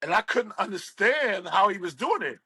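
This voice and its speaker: A man's voice: sits high, normal speed, slightly rough, no echo, rough recording. A middle-aged man from West Virginia, a radio DJ, telling stories as a guest and acting out the people he quotes. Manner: animated storyteller, acts out quoted voices. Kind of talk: storytelling interview.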